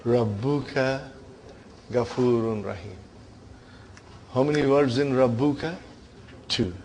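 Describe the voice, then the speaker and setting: Slow, quizzing grammar teacher, man. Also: medium pitch, darkish tone, slight background noise. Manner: quizzing the class, frequent "huh?" checks; playful storytelling teacher. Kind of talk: classroom lesson.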